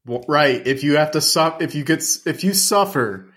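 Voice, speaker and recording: A man's voice: fairly high pitch, animated, normal speed, fairly bright tone. A man co-hosting a comedy podcast, riffing loosely and correcting himself as he talks. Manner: riffing, rambling, self-correcting. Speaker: podcast co-host. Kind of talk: comedic casual banter.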